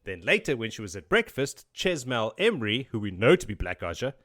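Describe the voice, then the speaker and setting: A man chatting on a podcast about a book he has read. His voice sits at an ordinary middle pitch. He retells scenes with lively energy and drops into casual swearing and quoted asides. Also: fairly quick. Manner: animated retelling, slipping into character quotes and swearing. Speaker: podcast co-host. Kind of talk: casual book-discussion chat.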